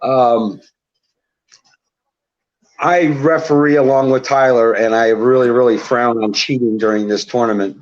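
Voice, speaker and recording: A man, a tournament referee and guest, chatting casually with a showman-like, drawn-out way of announcing. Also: mid-range voice, fairly even intonation. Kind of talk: casual chat. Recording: dull lo-fi audio. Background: dog barking.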